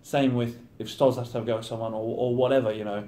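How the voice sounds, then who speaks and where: Chatty footballer in a roomy space. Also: male voice, mid-range voice, steady tone, fast, dark tone. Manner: chatty, acts out teammates' banter. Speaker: professional footballer. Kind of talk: casual interview chat. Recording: roomy echo.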